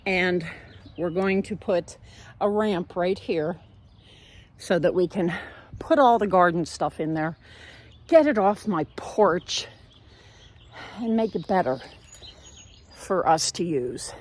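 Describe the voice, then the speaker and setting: A woman's voice: lowish voice, slow, long pauses, a little mellow. An older woman chatting in a homespun way as she walks outdoors through a backyard, filming on a handheld phone. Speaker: home and garden vlogger. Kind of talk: casual walk-through vlog.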